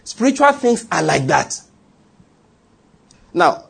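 A man preaching a sermon, reading scripture aloud and explaining it, slowing down to stress key phrases. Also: high-pitched, animated, vocal fry, slightly rough.

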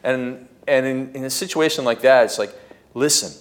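A man talking as a podcast guest, telling stories in a lively way and acting out what he and others said. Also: medium pitch, normal speed. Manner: animated, acts out his own quotes and screams. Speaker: podcast guest, entrepreneurship coach. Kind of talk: casual interview storytelling.

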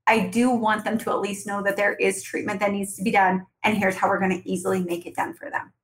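A woman's voice: mid-range voice, a little fast, low-quality recording. A woman guest on an interview podcast, energetically coaching dental teams and acting out conversations with patients. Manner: energetic, acts out dialogues with patients. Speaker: guest, dental practice consultant.

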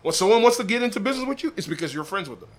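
Animated storyteller, a man with a fairly high voice. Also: racing. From Des Moines, Iowa. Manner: animated storyteller, acts out quoted dialogue. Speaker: podcast guest, barbecue pitmaster. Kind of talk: casual storytelling. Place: room above a butcher shop.

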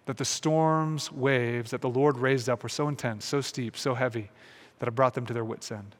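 A man giving a reflective, earnest sermon, often restarting phrases and slowing into soft, quiet pauses. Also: medium pitch, fairly even intonation, in a large hall. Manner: earnest and searching, with many restarts and slow, softened pauses. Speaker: pastor.

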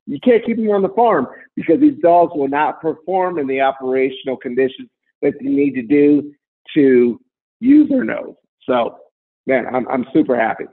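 A man calling in to a casual talk show, making his points earnestly and with emphasis. His voice is husky and comes through a narrow, tinny phone line. His pitch sits in the middle. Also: big pitch swings, moderate pace. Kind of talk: casual chat.

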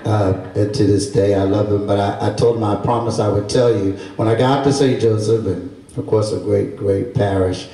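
A middle-aged man from Baltimore, a priest, telling a lively testimony to a congregation and acting out the voices of people in his stories. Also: on the low side, moderate pace, hardly any pauses. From Baltimore, Maryland. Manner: animated storyteller, acting out voices with laughter. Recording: echoey room, distant mic.

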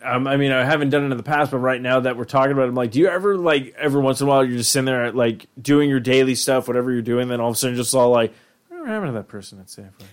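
A man's voice: mid-range voice, fairly even intonation, racing, few pauses, clean tone. A young man in casual chat, telling work stories with lots of swearing and quoted voices.

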